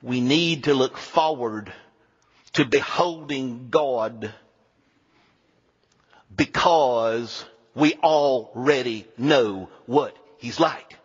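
A man imitating an older male Southern seminary professor with a South Carolina accent, speaking slowly and earnestly. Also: medium pitch, slightly rough, long reverb tail, muffled recording, voice pushed down. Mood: tender.

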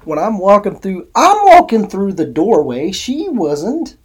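A man's voice: high voice, very animated, measured pace, darkish tone, breathy edge. A man from Illinois co-hosting a podcast, telling stories bluntly with laughs in casual chat. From Alton, Illinois. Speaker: podcast co-host.

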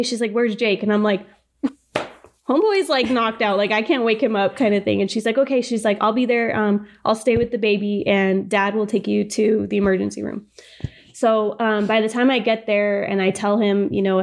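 A woman's voice: mid-range voice, a little mellow. A young woman casually telling a personal story as a podcast guest, chatty, with lots of fillers and frequent laughs.

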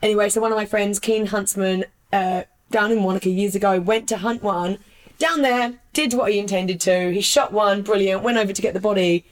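A woman from the United Kingdom, a podcast guest telling a story in a chatty, animated way. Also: mid-range voice, fairly quick. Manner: chatty, animated anecdote-teller. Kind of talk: casual chat.

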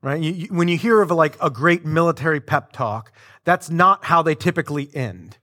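Slightly high in pitch and moderately paced, the pastor keeps his sermon lively and conversational, tossing in offhand remarks to the congregation.

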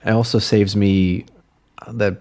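A man co-hosting a podcast in casual chat, jokey and quick to laugh. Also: lowish voice, flat delivery, darkish tone. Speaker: podcast co-host.

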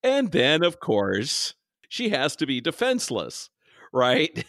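A man co-hosting a podcast in casual chat, animated and leaping up in pitch to make points. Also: slow pace, creaky, no echo, studio quality. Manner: animated, jumps up in pitch for emphasis. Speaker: podcast co-host.

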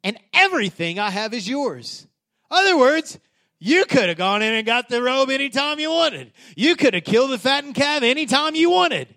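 A man's voice: very high-pitched, very animated, normal speed, pushed and bright. A middle-aged man, a pastor, preaching a conversational sermon that climbs to emphatic peaks.

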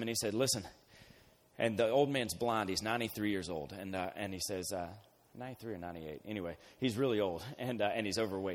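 A man casually retelling a Bible story as a youth pastor, acting out the characters in slang. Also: lowish voice. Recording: long hall reverb.

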